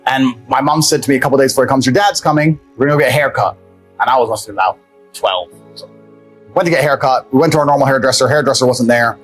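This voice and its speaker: Brief: husky, rapid-fire male guest telling a story over faint music, blunt and profane. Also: mid-range voice, poor audio. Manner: blunt, profane, rambling anecdotes. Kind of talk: storytelling in a podcast interview.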